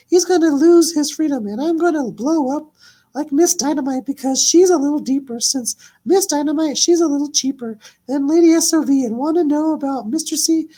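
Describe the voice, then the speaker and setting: A man's voice: very high-pitched, warm tone, pitched above the performer's own voice, low-quality recording. A man voicing a brash young female rapper, taunting in rhymed insults, a cappella. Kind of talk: a cappella diss rap.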